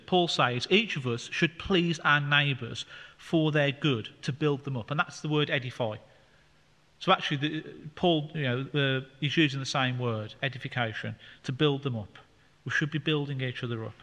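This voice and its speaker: A man's voice: medium pitch, moderate pace, sharp tone. A man leading a Bible study, explaining scripture in a conversational way with fillers. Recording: long hall reverb.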